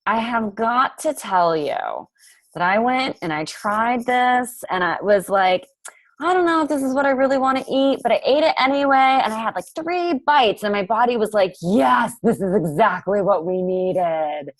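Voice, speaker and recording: Woman doing a gushing Southern US client, higher-pitched drawl, delighted, dry close sound. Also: lively intonation, moderate pace, dry recording, natural voice, poor audio.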